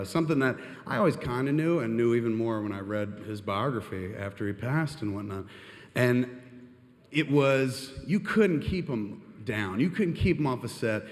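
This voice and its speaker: A man telling a long, animated anecdote on stage, rambling and swearing as he goes. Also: mid-range voice. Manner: animated, profane, rambling with "and shit". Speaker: storyteller on stage. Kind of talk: live storytelling monologue. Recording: long reverb of a live hall.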